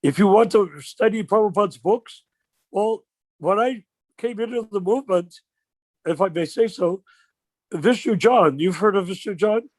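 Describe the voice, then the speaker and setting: An older man leading an informal religious discussion on a video call, telling stories with rhetorical questions in an animated way. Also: sits high, moderate pace, no echo. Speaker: discussion leader.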